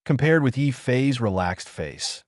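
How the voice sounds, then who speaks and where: A man reading an audiobook in a steady scripted narration, lifting his voice slightly for quoted lines. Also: mid-range voice, unhurried, no room sound, studio quality.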